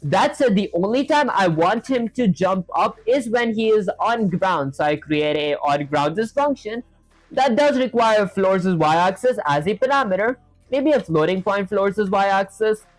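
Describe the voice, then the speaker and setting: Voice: medium pitch, expressive, unhurried, no room sound, faint music behind. A streamer thinking aloud while coding live, talking casually and rambling with frequent self-corrections, and answering chat questions.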